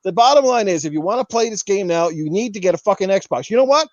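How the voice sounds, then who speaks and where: A man's voice: high-pitched, animated, quick pace, dry recording, highs cut off. A man hosting a podcast, ranting with heavy profanity and mocking the people he argues against. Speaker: podcast host. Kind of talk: heated casual podcast rant.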